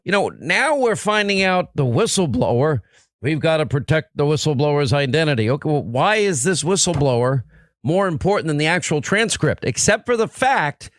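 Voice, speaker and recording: A man's voice: on the high side, lively intonation, moderate pace, no room sound. A man hosting a talk radio show, speaking in an emphatic, combative monologue into a studio microphone.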